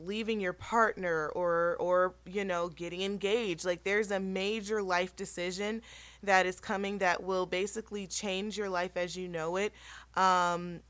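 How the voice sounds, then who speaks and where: A woman hosting a casual tarot reading, chatty and rambling with many ums, her voice slightly hoarse. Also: on the low side, fairly bright tone, no echo. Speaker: tarot reader and channel host.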